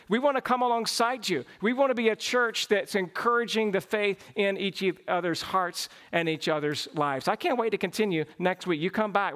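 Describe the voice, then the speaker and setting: A man with a notably high-pitched voice preaches to his congregation. His delivery is fervent and urgent, swelling into excited exclamations before he settles into a closing prayer. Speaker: pastor. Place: church service.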